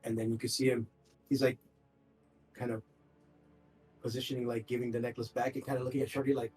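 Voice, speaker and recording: A man's voice: mid-range voice, flat delivery, fairly quick, darkish tone, recorded from a distance, faint music behind, rough recording. A man playing a tabletop game, describing his character's actions in a loose, casual way. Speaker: player.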